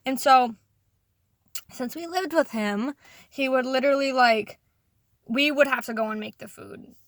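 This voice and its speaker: High-voiced young woman ranting casually. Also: unhurried, no room sound. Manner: rambling, heavy swearing and "like" fillers; quotes others in animated raised voices. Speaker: vlogger. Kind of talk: casual storytime rant.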